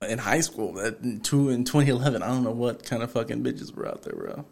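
Male podcast host, 30s, Texas-raised, middle pitch; lively, swearing storyteller who voices his own quotes. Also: fairly quick, vocal fry. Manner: animated, profane, acts out quoted lines. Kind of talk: casual storytelling chat.

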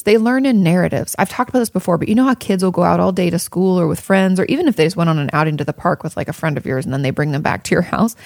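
An earnest young woman talks through parenting advice in a loose, rambling way, drifting off on tangents and swearing now and then. Her low voice has a gravelly, creaky edge. The sound is dry and close. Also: a little mellow, dry recording. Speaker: advice podcaster on parenting and emotional health. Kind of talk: casual advice talk.

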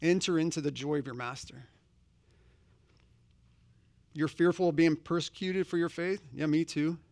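A man's voice: on the high side, steady tone, normal speed, gravelly, a little mellow, no echo. A man preaching a sermon, earnest and conversational, posing direct questions to his congregation. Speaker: pastor.

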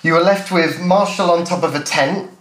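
A man's voice: on the high side, moderate pace, a bit bright, roomy sound, a little hiss or hum. A man narrating a tabletop game as game master, playful and descriptive. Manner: playful, descriptive, laughs at own jokes.

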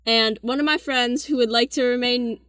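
A teenage girl with a fairly high voice tells story after story, laughing and tossing in quick asides. The sound is dry and close, with no room around her. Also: fairly even intonation, a bit bright, dry recording. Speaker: guest storyteller. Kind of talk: casual chat.

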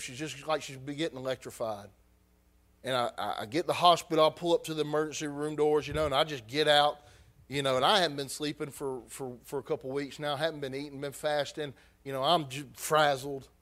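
Man, high-pitched, preacher testimony, halting emotional delivery. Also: a bit bright. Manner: emotional, halting with repeated words. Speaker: missionary preacher. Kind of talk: personal testimony.

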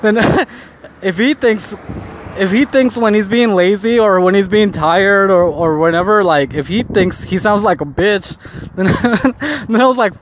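A man's voice: high voice, measured pace, a little hiss or hum. Man rambling and laughing outdoors. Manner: laughs often, swears, rambles with restarts. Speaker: vlogger. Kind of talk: casual rambling monologue.

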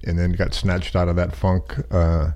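A man's voice: deep voice, completely flat delivery, normal speed, darkish tone. A middle-aged man telling a long personal story in a rambling, folksy, self-deprecating way with chuckles. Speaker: podcast guest. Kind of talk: casual storytelling.

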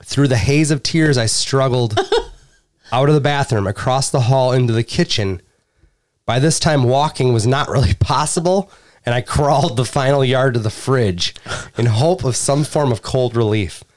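A man's voice: medium pitch, moderate pace, darkish tone. A male host reading product reviews aloud in casual chat, breaking into laughter and crude jokes. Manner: laughs often while reading, crude humor. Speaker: podcast host.

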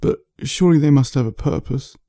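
A man's voice: medium pitch, brisk, dark tone, no echo, clean studio sound, pitched above the performer's own voice, lightly acted. A man voicing a weary, nervous man who hauls heavy bags, sounding flustered and defensive.

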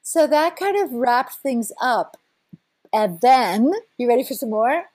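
A middle-aged woman tells a story with real excitement, breaking into laughter and playful quoted voices. Her voice sits a little high, and the sound is dry and close. She talks as a seasoned whale researcher. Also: unhurried, dry recording. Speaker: whale researcher and boat operator. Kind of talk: animated storytelling in a conversation.

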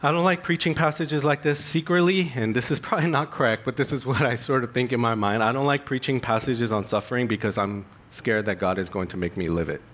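A man's voice: medium pitch, a little fast, hardly any pauses, fairly bright tone. A male pastor preaching a sermon in an earnest, confessional way, building emphasis through rhetorical questions.

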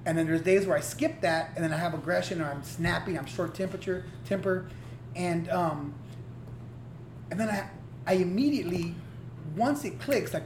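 A man in his forties with a voice that sits high talks at a normal speed in a casual conversation. He's candid, earnest, and open, swearing freely, and the recording has a roomy echo with faint hiss.

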